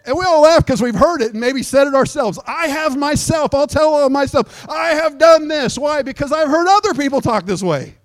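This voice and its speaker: A pastor preaching a sermon in a lively, joking way, slipping into mock old-fashioned prayer voices. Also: male voice, very high voice, moderate pace, hardly any pauses, no room sound. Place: church.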